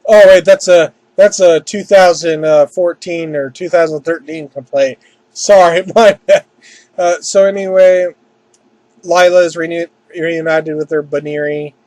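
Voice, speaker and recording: A man with a high voice talks through a casual anime review. He rambles and keeps restarting his sentences. The sound is dry and close, with no room echo. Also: steady tone, measured pace, a little mellow.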